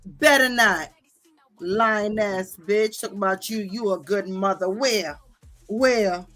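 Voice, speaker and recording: A woman's voice: mid-range voice, takes it slowly, a bit bright, faint music behind. Profane, heated woman ranting on stream. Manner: profane, confrontational, repeats "okay?" and "bitch". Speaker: livestream host. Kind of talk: heated livestream rant reading viewer comments.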